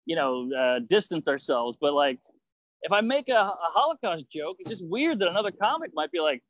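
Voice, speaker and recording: A fairly high-pitched man talks over a video call, the sound dry and close. He riffs in a rapid, profane way, dropping into mocking quoted voices as he goes. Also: big pitch swings, a bit bright, no echo, dull audio. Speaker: guest comedian. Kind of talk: casual podcast chat.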